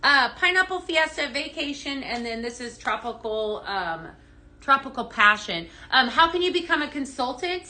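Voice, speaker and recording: Bright, chatty woman hosting a live sales show. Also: high-pitched, big pitch swings, normal speed. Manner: chatty, reads and answers viewer comments; enthusiastic with fillers and restarts. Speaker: host of a live home-fragrance sales show. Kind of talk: casual live-stream product demo.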